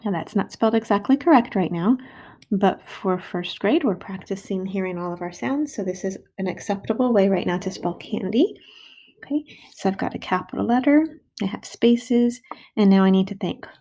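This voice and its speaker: A woman teaching first graders to write a sentence, slowly sounding out each word and syllable with patient, clear steps. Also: mid-range voice, animated, warm tone. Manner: slow, patient, sounding out words. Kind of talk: recorded writing lesson for children. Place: home. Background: dog barking.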